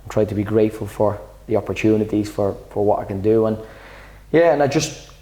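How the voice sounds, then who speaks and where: A man's voice: fairly low pitch, a little fast, dark tone, low-quality recording. A man, the club's head coach, answering interview questions in a chatty way, often repeating words as he starts a thought. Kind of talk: sit-down interview.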